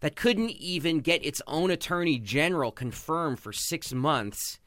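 A man's voice: a little high, lively intonation, a little slow, a bit bright, no room sound, studio quality. A man hosting a podcast, giving passionate, sarcastic sports commentary. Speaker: podcast host.

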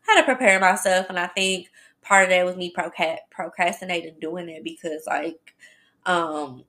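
A woman hosting a podcast, telling a personal story in a chatty, animated way and talking straight to her listeners. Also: fairly low pitch, normal speed. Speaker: podcast host. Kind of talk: casual storytelling.

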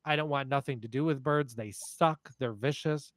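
A man hosting a podcast, telling family stories in a casual, animated, profane way. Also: mid-range voice, moderate pace, no room sound. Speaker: podcast host. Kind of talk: casual storytelling.

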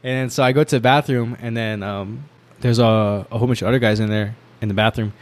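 A man's voice: lowish voice, steady tone, fairly quick. Man telling a rambling story. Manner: rambling, filler-heavy, laughs while telling. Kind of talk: casual storytelling.

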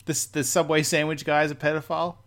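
A man's voice: a little high, level tone, quick pace, a bit bright. A man hosting a casual podcast chat who laughs often and keeps restarting his sentences. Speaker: podcast host.

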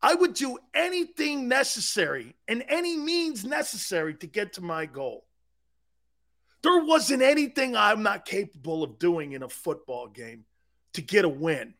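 An older man hosting sports talk radio, telling brash, profane stories with shouted quotes. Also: high voice, very animated, moderate pace. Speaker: radio show host.

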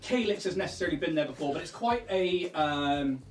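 A man's voice: on the high side, expressive, fairly quick, echoey room, distant mic, soft background music. A man narrating a tabletop game as game master, chatty and casual with many fillers.

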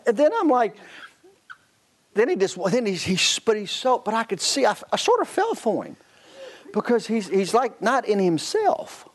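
A man's voice: high voice, big pitch swings, normal speed, some chatter behind. A man in his fifties, a guest preacher telling a story in a sermon, laughing often and restarting his sentences. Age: 50s.

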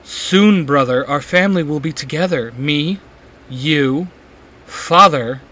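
A man's voice: a little high, slow, sharp tone, heavily acted. A man voicing a cold, mocking female villain who speaks through a young man's body, talking down to everyone in a storybook reading. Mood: taunting. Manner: taunting, condescending.

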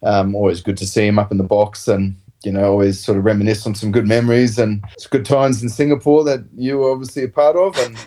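A man's voice: fairly low pitch, fairly even intonation, fast, few pauses, warm tone. A man, talking as a rugby player guest in a casual, rambling chat full of "mate" and "like". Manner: rambling, laid-back storytelling full of "mate" and "like".

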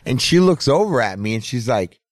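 A man's voice: mid-range voice, big pitch swings, brisk, no echo, clean studio sound. A middle-aged man telling a story in casual podcast chat, laid-back and profane. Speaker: podcast host.

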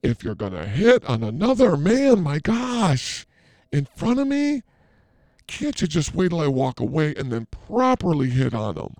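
A man's voice: fairly high pitch, wildly swooping pitch, unhurried, darkish tone, no room sound, full character voice. Man playing a crude, brash fake psychic. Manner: brash, crude, rambling comic banter. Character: brash flirty male fake psychic healer. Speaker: comedy show host. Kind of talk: comedy sketch.

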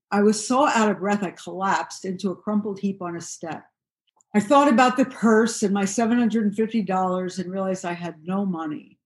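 A woman reads a first-person memoir aloud, her voice sitting in a middle pitch. She tells it in a steady, measured way, unhurried and even. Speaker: narrator.

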